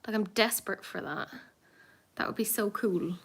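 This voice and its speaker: A woman's voice: medium pitch, moderate pace, husky. A woman in her thirties hosting a casual live stream from her phone, rambling and self-mocking, cooing at her cats as she walks from her home out into the garden. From Ireland. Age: 30s. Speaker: livestream host. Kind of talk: casual livestream chat. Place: home, then outdoors in a garden.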